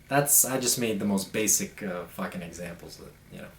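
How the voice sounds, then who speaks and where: A man's voice: deep voice, brisk, creaky, few pauses. A young man talking blunt, profane and emphatic in a casual monologue as a podcast host. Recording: echoey room.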